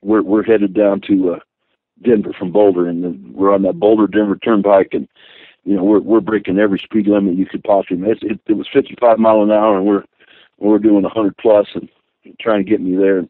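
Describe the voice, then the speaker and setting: An older man, a guest and former wrestler, telling rambling, animated stories with many restarts. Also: lowish voice, a little fast, dry recording. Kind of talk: storytelling interview. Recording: tinny phone line.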